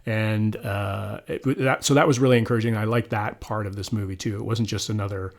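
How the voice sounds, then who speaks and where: A man's voice: on the low side, fairly even intonation, brisk, vocal fry. A man co-hosting a movie review podcast in a loose, casual chat, often trailing off with fillers and restarting his sentences. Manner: rambling, full of fillers and restarts. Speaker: podcast co-host.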